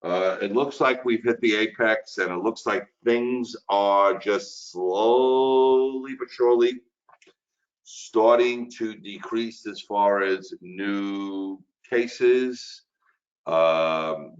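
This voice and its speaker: A man in his sixties speaks with a thick Brooklyn New York accent in a very low, deep voice. He chats in a folksy, earnest, rambling way as an instructor warming up a class. The audio is dull and lo-fi, like an online webinar. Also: slow. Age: 60s. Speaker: insurance course instructor. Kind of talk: chatty webinar small talk before class.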